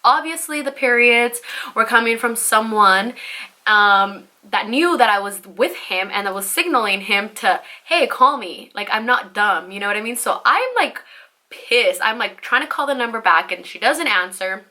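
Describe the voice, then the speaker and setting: A young woman tells a personal story to her camera in a chatty, animated rush, leaning on "like" and "you know" and swearing freely. Her voice sits a little high and has a bright, sharp edge. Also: normal speed. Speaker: vlogger. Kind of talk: storytime vlog.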